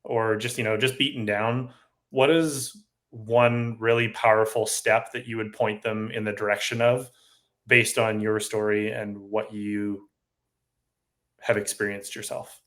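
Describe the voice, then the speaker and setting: A man hosting a podcast interview who affirms and restates his guest's points in a relaxed, casual way. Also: on the low side, measured pace. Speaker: podcast host.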